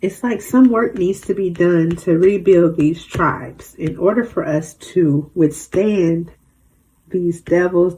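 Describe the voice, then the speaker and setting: A woman with a lowish, mellow voice talks straight to her viewers in a casual, rambling vlog. She tells stories bluntly and emphatically, with slang and the odd curse word, the way a tarot reader chats with her audience. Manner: casual slang and mild swearing.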